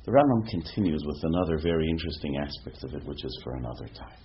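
A man teaching a lively Torah class as a rabbi, asking rhetorical questions and mixing in Hebrew terms. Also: a bass voice, fast talker, breathy edge. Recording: dull lo-fi recording with faint noise.

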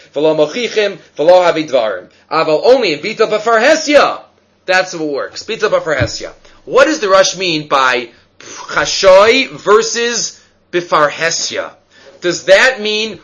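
High, bright-voiced man teaching Talmud. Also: lo-fi sound. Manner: animated, questioning, mixes Hebrew and English. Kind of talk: Talmud lecture.

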